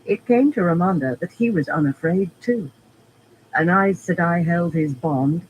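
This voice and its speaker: Man reader, somewhat high voice, steady audiobook narration, faint background hum. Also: a little slow, muffled recording.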